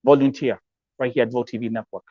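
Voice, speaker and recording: A man's voice: medium pitch, fairly even intonation, fast talker, no echo, dull audio. A man from Kenya with a Kenyan English accent hosts a live-stream talk show, speaking emphatically, repeating himself, mixing in Swahili phrases and reading out viewer comments.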